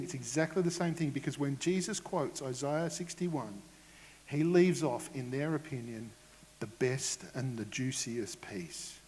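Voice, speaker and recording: A man preaching a sermon in a candid, conversational way, often asking rhetorical questions. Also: high-pitched. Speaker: pastor. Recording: long hall reverb.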